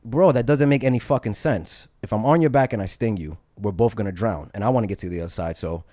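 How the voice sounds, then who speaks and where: A man's voice: fairly low pitch, fast, warm tone, dry recording, clean studio sound, lightly acted. A man voicing a pushy talking scorpion in a fable, with casual street slang. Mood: persuasive.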